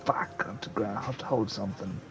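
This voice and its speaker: A man swearing loudly and joking while he plays a video game. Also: lowish voice, quick pace, music in the background. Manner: swears a lot, shouts in frustration. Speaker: gamer playing a video game. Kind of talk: let's play commentary.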